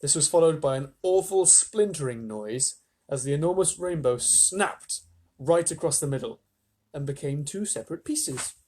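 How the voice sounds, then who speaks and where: A man reading a children's storybook aloud to live listeners, animated, with chatty asides. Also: fairly high pitch, normal speed, slightly rough.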